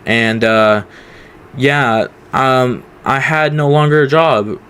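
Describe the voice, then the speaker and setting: Smooth-voiced young man telling a story. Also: medium pitch, slow pace, a bit bright. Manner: rambling, many fillers and restarts. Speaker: vlogger. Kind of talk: casual storytime.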